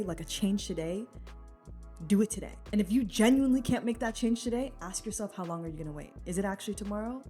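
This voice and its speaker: A woman's voice: mid-range voice, expressive, fast, dark tone, husky, faint music behind. A woman vlogger giving an earnest, encouraging motivational talk straight to the viewer, casual, with many "like" fillers. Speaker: lifestyle vlogger.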